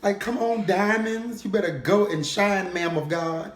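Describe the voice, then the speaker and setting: A man's voice: sits high, measured pace, pitched above the performer's own voice. A man voicing a woman who gushes over someone lying in a casket in sing-song praise. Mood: gushing. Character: woman gushing over a loved one in a casket. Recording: roomy echo.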